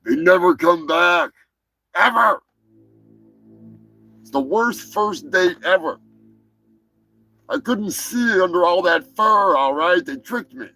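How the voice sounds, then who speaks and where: A man's voice: high-pitched, animated, unhurried, sharp tone, faint music behind, poor audio. A man hosting a live comedy show, riffing in a crude, profane, joking rant. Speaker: host.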